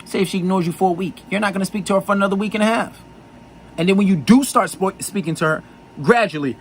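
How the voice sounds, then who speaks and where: A man's voice: high voice, fast, low-quality recording. A man giving blunt dating advice in a profane, insistent monologue full of repetition.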